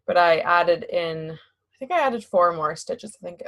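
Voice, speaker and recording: A woman's voice: fairly low pitch, lively intonation, unhurried. A woman co-hosting a podcast, chatting casually and hesitantly with many restarts. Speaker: podcast co-host. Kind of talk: casual chat about knitting.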